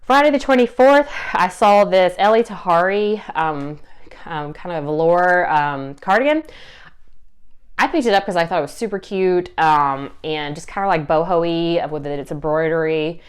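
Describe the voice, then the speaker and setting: A young woman with a Southern US accent talks casually to camera, upbeat and chatty, dropping little laughs and fillers as she goes. Her voice is smooth and clear and sits a little low. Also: normal speed. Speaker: reseller vlogger.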